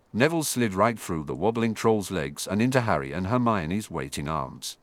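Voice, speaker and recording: A man narrating a fantasy audiobook in a dramatic, animated way. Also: fairly low pitch, no room sound.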